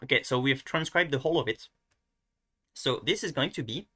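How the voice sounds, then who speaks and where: A man's voice: mid-range voice, lively intonation, fairly quick, pauses often, sharp tone, husky. A young man, teaching pronunciation in a casual, hesitant way, thinking aloud and often restarting. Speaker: language teacher.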